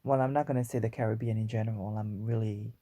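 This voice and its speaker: A woman's voice: a bass voice, fairly even intonation, quick pace, warm tone, dry recording. A woman from Guadeloupe with a Guadeloupean accent, hosting a solo podcast in a chatty, rambling way and joking about being wordy. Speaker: podcast host.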